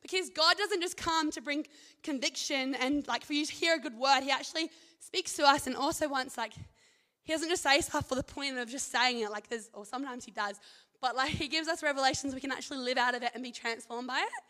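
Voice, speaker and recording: A Christian university student, young and female, offers a casual devotional talk. Her voice sits high, and her enthusiasm spills out in animated, quick bursts.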